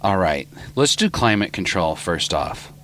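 Man, exasperated driver in a sketch; bright, lively delivery. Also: low-pitched, a little slow. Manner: exasperated, pleading. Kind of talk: comedy sketch acting.

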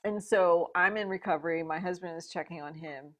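A middle-aged woman telling a personal story in conversation, animated and full of asides and fillers. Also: on the low side, a little fast. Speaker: guest.

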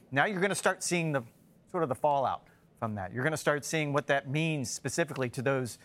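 A man's voice: medium pitch, a bit bright. A man analysing golf on a sports discussion show, frank and emphatic in his opinions.

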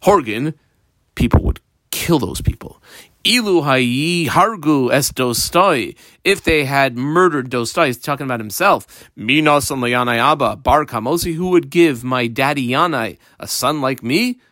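A man teaching a Talmud page line by line in a lively, playful way, acting out the characters with modern examples. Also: mid-range voice, a little slow, no room sound, studio quality.

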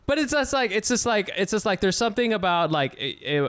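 A man's voice: high voice, sing-song, fairly quick, a bit bright, no echo. A man hosting a podcast, chatting casually and laughing often. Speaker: podcast host. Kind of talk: casual chat.

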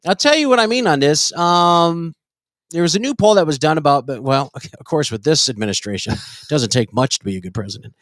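Lively joking podcast host man. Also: fairly high pitch, a little fast, dry recording, clean studio sound. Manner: joking, teasing, laughs often. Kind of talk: crude comedic banter.

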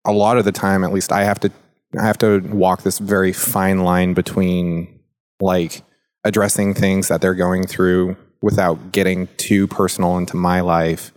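A podcast co-host and youth mentor with a very low voice speaks in a relaxed, unhurried way, leaning heavily on "like." His delivery stays steady and flat as he asks his co-hosts open questions in an easygoing casual discussion.

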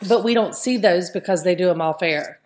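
A woman's voice: fairly low pitch, moderate pace, a little mellow. Chatty woman hosting a podcast. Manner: chatty, keeps adding "right?". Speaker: podcast host. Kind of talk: casual podcast chat about reality TV.

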